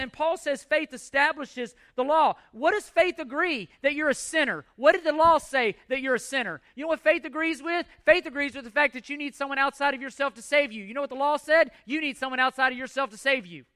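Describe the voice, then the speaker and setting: A man in his forties preaches with a very high, bright, forceful voice. He presses his points with rhetorical questions and repeated words. The sound is dry and close, with no room around it. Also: no room sound. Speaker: pastor. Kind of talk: sermon.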